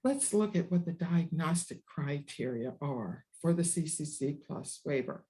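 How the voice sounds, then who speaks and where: Mellow-voiced webinar presenter explaining benefits. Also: mid-range voice, expressive, poor audio. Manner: measured, explanatory, partly read with some ad-libbed asides. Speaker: disability advocacy presenter.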